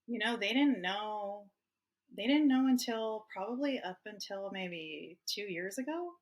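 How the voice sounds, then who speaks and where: A woman's voice: medium pitch, animated, measured pace. A woman in her fifties from Hawaii, a guest author telling personal stories in an open, emotional way and laughing often. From Hawaii, United States. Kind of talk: candid personal storytelling.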